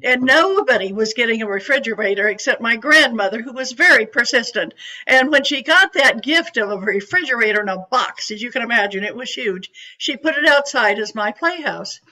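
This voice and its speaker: Chatty older woman with a bright high voice. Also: a little fast, poor audio. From California, USA. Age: 80s. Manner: chatty, animated storyteller. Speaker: psychic medium. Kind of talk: storytelling talk to an audience.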